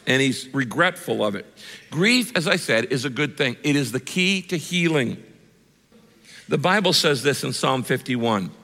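A male pastor preaching a sermon in an animated, direct way, full of repeated words and questions to the listeners. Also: on the high side, in a large hall.

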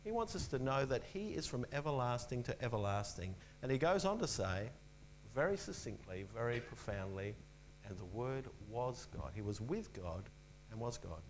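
A man preaching with earnest emphasis, often repeating his key phrases and sinking into a soft, low voice to land them. His pitch sits in an ordinary middle range. A faint hum runs beneath the recording. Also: big pitch swings, normal speed, poor audio. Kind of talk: sermon.

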